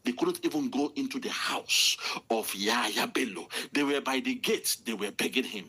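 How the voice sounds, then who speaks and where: A man's voice: medium pitch, normal speed, few pauses, bright, forceful tone, breathy edge. A man with a Nigerian accent delivering an angry political rant, furious and insulting, repeating himself. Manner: furious, insulting, repetitive ranting. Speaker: political commentator.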